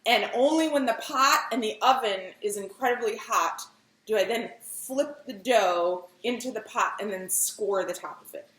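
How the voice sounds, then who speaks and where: Woman, high voice, slow and chatty, home kitchen, echoey room. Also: a bit bright. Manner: chatty, giggly, talks through each step. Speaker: home baker demonstrating a recipe. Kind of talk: casual cooking demonstration.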